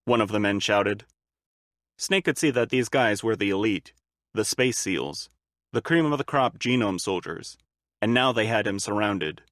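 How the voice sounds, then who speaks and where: A man reading a fan-made audiobook in a steady, even storytelling manner. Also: lowish voice, a little slow, no room sound, clean studio sound. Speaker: audiobook narrator.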